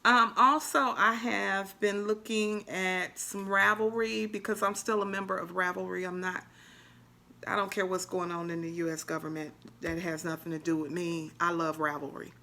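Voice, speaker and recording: A woman chatting casually on her crochet vlog, with a bright, forward tone. She talks in a lively, animated way and keeps giving shout-outs to other creators. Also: fairly low pitch, moderate pace, vocal fry, a little hiss or hum. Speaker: crochet vlogger. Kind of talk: casual chat.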